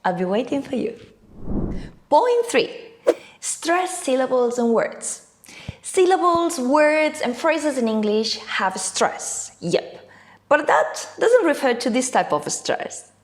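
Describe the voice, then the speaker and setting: A woman teacher presenting a scripted English lesson, her pitch sitting a little high. Her voice rises and falls in a very animated way. She puts clear emphasis on key words. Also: slow pace.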